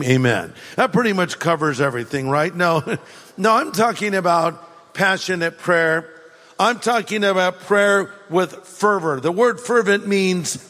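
Male pastor, energetic sermon delivery, higher pitch, reverberant sound. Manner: animated preaching, acts out quoted voices.

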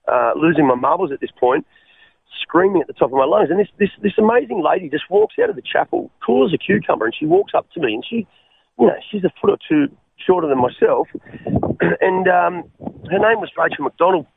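An Australian man telling his life story as an interview guest, halting and repeating his words, often calling the host mate. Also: high-pitched, very animated, creaky, breathy edge. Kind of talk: personal testimony in an interview. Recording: phone-like narrow line.

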